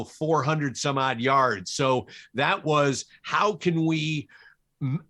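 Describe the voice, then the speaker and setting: A man, a cinematographer guest in an interview, telling anecdotes from film sets in a relaxed, animated way. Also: mid-range voice. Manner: animated, quotes people in his stories.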